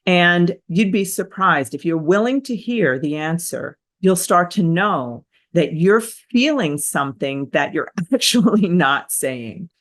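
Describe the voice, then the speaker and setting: A woman therapist hosting a motivational self-help talk, energetic and emphatic, with repetitive phrasing. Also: on the low side, slow, few pauses. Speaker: therapist and host.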